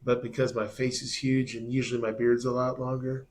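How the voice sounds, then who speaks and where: A man chatting casually as a musician guest, telling stories in a soft, laid-back way with some swearing. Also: medium pitch, flat delivery, fairly quick, slight background noise. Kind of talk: casual chat.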